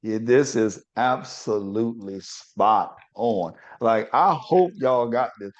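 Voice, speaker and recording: A man's voice: medium pitch, takes it slowly, hardly any pauses. Emphatic male podcast host, lo-fi. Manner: emphatic, repeats his key phrases. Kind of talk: casual interview chat. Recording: dull lo-fi sound.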